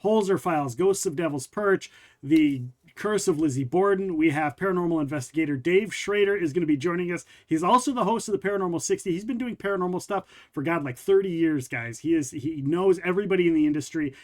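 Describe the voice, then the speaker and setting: A man's voice: a little high, fast, darkish tone. A man hosting a livestream and podcast, upbeat and promotional, speaking straight to viewers. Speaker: podcast and stream host. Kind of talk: casual livestream chat.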